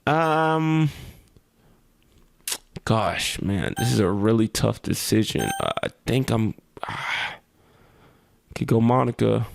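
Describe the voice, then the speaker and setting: A man's voice: fairly low pitch, very animated, slow pace, vocal fry, pauses often, a little hiss or hum. Swearing man reacting to a game. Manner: loud swearing outbursts. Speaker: gaming streamer. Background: game music.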